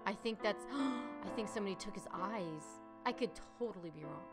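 A woman's voice: mid-range voice, expressive, normal speed. A woman voice-over artist giving chatty let's-play commentary while playing a puzzle game, reacting aloud with gasps and exclamations. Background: game music.

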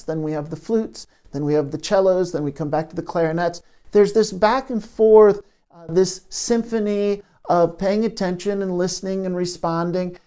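Male therapist, mellow tone, reflective teaching talk, gentle pauses. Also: sits high, clean tone. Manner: gentle, thoughtful, with frequent pauses and restarts.

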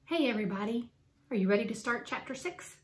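A woman teacher reading a children's book aloud with lively, expressive storytelling. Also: on the high side, fast, noisy background. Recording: roomy echo.

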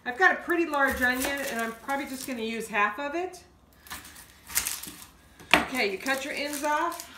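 A woman's voice: sits high, heavy background noise. Woman, home cooking host, casual and folksy, walks through each step; roomy kitchen sound. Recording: echoey kitchen, mic a bit far off.

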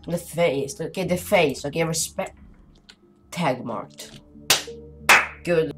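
A woman's voice: sits low, slow, pauses often, music in the background. A woman giving casual commentary while playing a horror game, chatty and talking to her viewers, jumpy and easily startled, with nervous laughter.

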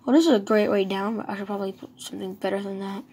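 A woman giving casual, excitable commentary while she plays a game, talking to herself. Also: mid-range voice, racing, a little hiss or hum. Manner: chatty, excitable, talks to herself. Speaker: gamer.

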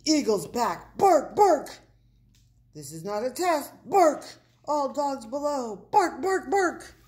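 A woman voicing a big male prairie dog bully in a storybook, loud and snarling. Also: high voice, sing-song, takes it slowly, voice pushed up, full character voice. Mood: alarmed barking. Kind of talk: storybook read-aloud.

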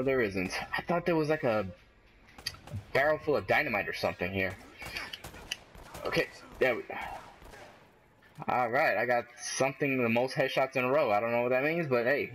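A man giving casual gameplay commentary, excitable and trash-talking, yelling at enemies and cheering himself on. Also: mid-range voice, normal speed, pauses often, slight background noise. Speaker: gaming commentator.

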